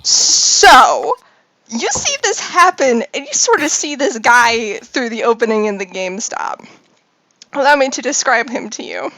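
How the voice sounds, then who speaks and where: A woman's voice: fairly high pitch, expressive, a little slow, pushed and bright, no room sound. A woman narrating a tabletop game as game master, rambling through descriptions with many fillers.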